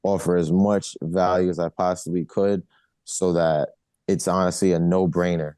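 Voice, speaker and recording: A man with a very deep, mellow voice talks easily as an interview guest, looping back with "you know" and restarting his sentences. The sound is close and dry. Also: moderate pace, clear, resonant tone, no echo. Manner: relaxed, repeats "you know" and restarts often. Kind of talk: casual interview answers.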